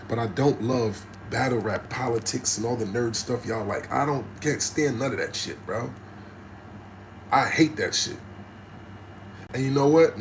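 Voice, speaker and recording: Guy ranting on his livestream, middle-aged, loud and blunt, cusses a lot. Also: medium pitch, a little hiss or hum, poor audio. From New Jersey. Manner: passionate and aggressive, blunt and profane. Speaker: livestream host talking to viewers. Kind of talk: unscripted livestream rant.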